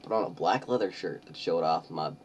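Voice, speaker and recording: A man's voice: deep voice, brisk, far from the mic, muffled recording, slight background noise. A young man doing a comedic reading of a story, sarcastic and mocking, often laughing. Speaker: host.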